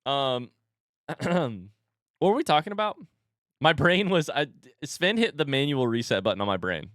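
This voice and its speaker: A man's voice: mid-range voice, lively intonation, moderate pace, a bit bright, no echo, studio quality. A man in his thirties chatting casually on his live stream, rambling playfully and reading viewer comments aloud.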